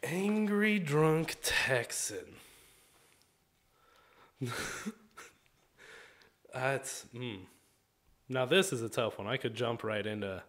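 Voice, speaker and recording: A young man hosting a comedy podcast in casual chat, animated, laughing often and swearing. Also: lowish voice, gravelly. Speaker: podcast host.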